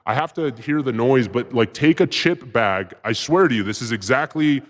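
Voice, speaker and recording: A man's voice: medium pitch, normal speed. Guy telling a story on a podcast, lots of likes and swearing, gets hyped in the action parts. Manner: profane, rambling, with filler words; excited bursts when retelling action. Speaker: podcast guest. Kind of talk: casual storytelling.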